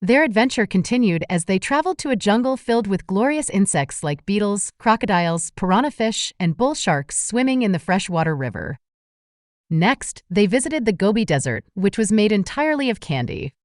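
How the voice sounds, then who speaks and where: A woman's voice: medium pitch, very animated, moderate pace, dry recording, studio quality. A woman reading a silly children's storybook aloud with a playful manner. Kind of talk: storybook narration.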